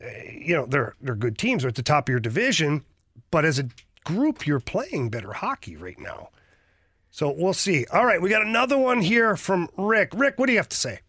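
Bright-voiced male sports radio host. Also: on the high side, very animated, normal speed, dry recording, clean studio sound. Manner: joking, reads listener messages. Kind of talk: sports talk radio chat.

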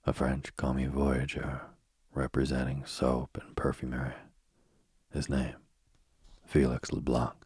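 A man narrating a ghost story aloud in a hushed, often whispered delivery. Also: completely flat delivery, a little slow, no room sound. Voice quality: very deep, husky voice.

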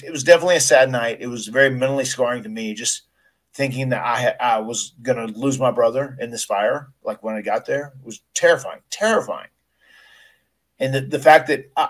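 Middle-aged male podcast host, conversational storyteller who stumbles and restarts, mid-range voice. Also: mid-range voice. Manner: storytelling, frequent restarts, emotional recollection. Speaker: podcast host, retired wrestler. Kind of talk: casual podcast interview.

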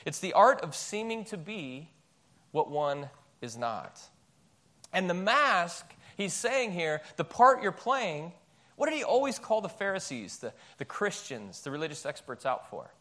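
A male pastor preaching a sermon in a church, emphatic and animated, firing off rhetorical questions. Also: high voice, unhurried.

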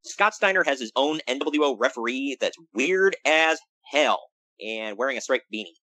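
A man's voice: normal speed, no room sound, rough recording. A man co-hosting a casual podcast, recapping wrestling with jokes and big swings in emphasis. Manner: animated, jokey, swings pitch for emphasis. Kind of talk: casual chat.

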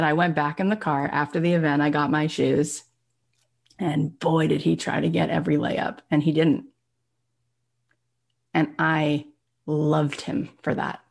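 A middle-aged woman hosting a podcast, telling stories with lively quoted voices in a casual chat. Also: low-pitched. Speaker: podcast host and coach.

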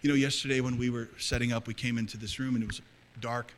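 A middle-aged man preaches a sermon in a church hall. His voice sits in an ordinary middle pitch, and he moves between soft, intimate confession and loud, fervent appeals. A faint ambient hum runs under the recording. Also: steady tone, quick pace. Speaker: pastor. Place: church hall before a congregation.

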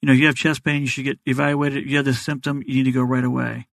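Doctor guy rattling off explanations fast, kinda gravelly, dry close sound. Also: medium pitch, level tone, fairly bright tone, dry recording. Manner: fast, plain-spoken explainer. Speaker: doctor guest. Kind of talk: explanatory interview answers.

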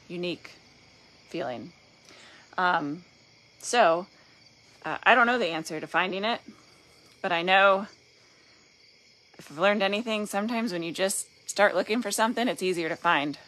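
Low-voiced Southern woman, rambling candidly. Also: bright, forceful tone, slight background noise. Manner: candid, rambling, self-deprecating. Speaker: painting business owner guest host. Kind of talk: casual livestream talk. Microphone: phone.

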